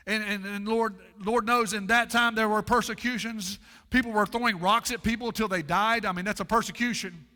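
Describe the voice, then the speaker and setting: A man preaching a sermon as pastor, with dramatic pauses and lots of repetition, in a church sanctuary. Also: sits high, sharp tone, big-room sound.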